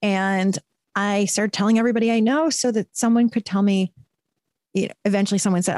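A woman in her forties, a podcast guest, telling a personal story in an earnest, animated way with quick bursts. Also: medium pitch, dry recording, studio quality. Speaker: podcast guest, purpose coach. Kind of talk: conversational storytelling.

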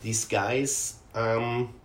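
A man talking as a guest about working with athletes, hesitant and halting, often trailing off softly. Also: mid-range voice, steady tone. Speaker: guest who works with athletes. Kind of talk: casual conversation. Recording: echoey room.

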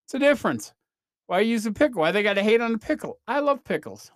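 A man hosting a podcast, rambling through a comedic monologue with animated swings and quick mock voices. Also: sits high, dry recording, studio quality. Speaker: podcast host.

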